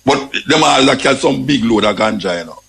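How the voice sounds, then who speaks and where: A man's voice: medium pitch, expressive, a little fast, a bit bright, low-quality recording. A man with a Jamaican accent giving emphatic spoken commentary, repeating his points and often saying "you know".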